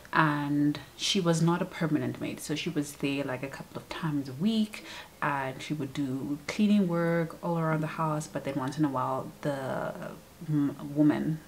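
Low-voiced chatty woman vlogger. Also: slight background noise, poor audio. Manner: chatty, acts out quoted lines with many fillers. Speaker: book vlogger. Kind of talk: casual chat.

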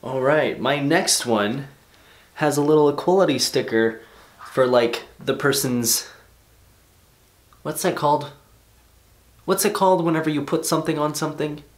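Excitable young man opening fan mail. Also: fairly high pitch, moderate pace, long pauses, echoey room. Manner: excitable, swears casually, laughs often. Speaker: vlogger. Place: bedroom at home.

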